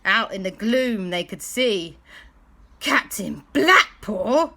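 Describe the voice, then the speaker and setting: A woman telling a bedtime story in an animated way, with sound effects. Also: mid-range voice, normal speed.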